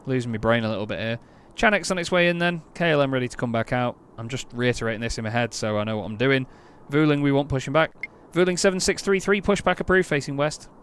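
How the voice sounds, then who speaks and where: A man's voice: mid-range voice, fast, few pauses, fairly bright tone, a little hiss or hum. Chatty English man on a live stream. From England. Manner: chatty, thinks aloud, crisp clipped radio phrasing. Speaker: streamer playing an air traffic control game. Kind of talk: casual live-stream chat mixed with radio calls.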